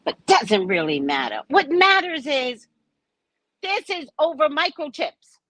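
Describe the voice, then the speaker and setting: A woman hosts a casual livestream chat, her voice sitting fairly high and swinging widely as she talks. She is theatrical and animated, acting out the people she quotes. The sound is close and dry. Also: measured pace, no echo. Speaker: psychic livestream host.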